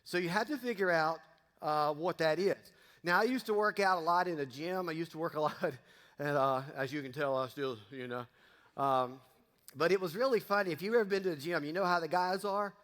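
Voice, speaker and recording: High-voiced pastor in a reverberant hall. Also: male voice, brisk, a bit bright. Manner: folksy, joking asides to the congregation. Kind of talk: casual sermon. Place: church sanctuary. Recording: long reverb of a church hall.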